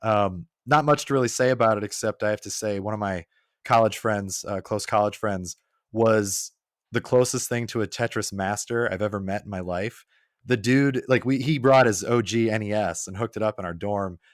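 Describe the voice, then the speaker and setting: Guy on a gaming podcast, lively storyteller, does little voices for quotes, dry close mic. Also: on the low side, moderate pace, no room sound. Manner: animated storyteller who acts out quotes. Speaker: guest. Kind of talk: casual podcast chat.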